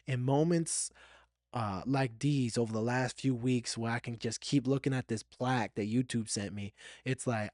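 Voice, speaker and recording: A man's voice: mid-range voice, darkish tone, dry recording, clean studio sound. Candid man hosting a solo podcast. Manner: candid, emotional, repeats himself. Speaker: podcast host. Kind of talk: reflective solo podcast talk.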